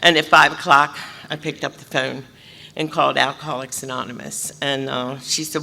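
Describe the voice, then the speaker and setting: A woman telling her recovery story at a convention, animated, acting out other people's voices and laughing often. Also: very deep voice, moderate pace, gravelly. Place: large convention hall. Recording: reverberant hall, faint room noise.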